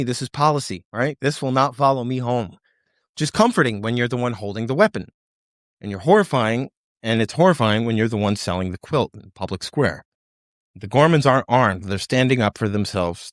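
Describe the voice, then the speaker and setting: A man's voice: medium pitch, dry recording, clean studio sound. A man hosting a podcast, delivering a sardonic, impassioned commentary monologue and mock-quoting officials in put-on voices. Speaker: podcast host.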